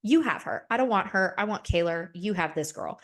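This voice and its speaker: A woman's voice: lowish voice, animated, a little fast. A young woman hosting a podcast, chatting casually and gossiping, acting out quotes in exaggerated voices. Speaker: podcast host. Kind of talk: casual chat recapping a reality show.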